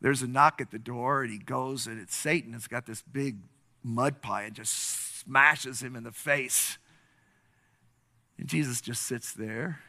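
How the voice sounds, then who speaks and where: A man's voice: medium pitch, fairly even intonation, measured pace, bright, forceful tone. A pastor preaching a sermon, telling stories and building to earnest, impassioned appeals to his congregation.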